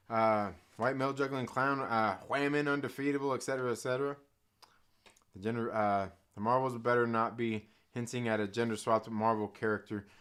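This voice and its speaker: Bright-voiced man ranting on a live stream. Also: medium pitch. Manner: profane, rambling, lots of "like" fillers, laughs often. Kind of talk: casual live stream rant, reading chat.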